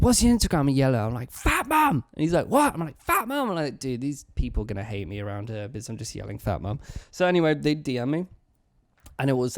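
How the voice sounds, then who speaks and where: A man's voice: medium pitch, vocal fry, darkish tone, dry recording, clean studio sound. A man, a tattoo artist answering questions in a casual, rambling, swear-heavy vlog. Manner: rambling and profane, with quick self-corrections.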